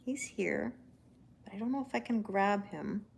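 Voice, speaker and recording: A woman hosting a live tarot stream from home, chatting casually with viewers, reading out their comments and answering them, and cooing to her cats in a high baby-talk voice. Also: a little fast, creaky, a little mellow, a little hiss or hum. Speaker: tarot reader hosting a livestream.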